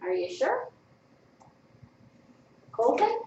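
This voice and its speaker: A woman teaching a classroom phonics lesson, drawing out sounds and giving clear prompts to the class. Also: sits high, huge pitch swings, extremely slow, dark tone. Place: school classroom. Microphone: distant camera mic. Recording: echoey classroom, distant, dull, noisy. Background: classroom noise.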